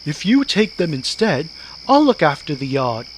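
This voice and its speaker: A man voicing a kindly, larger male engine, speaking lower and softer in a storybook reading. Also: big pitch swings, normal speed, a little hiss or hum.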